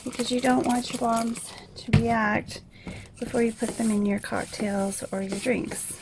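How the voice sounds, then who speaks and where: A woman with a fairly high voice and a gravelly edge talks viewers through a craft tutorial in a hushed, half-whispered way, since the rest of her home is asleep. Her tone is chatty and easygoing, full of little asides. The recording has steady background noise and clicks. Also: a little slow. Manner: hushed, half-whispered while others sleep. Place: home at night.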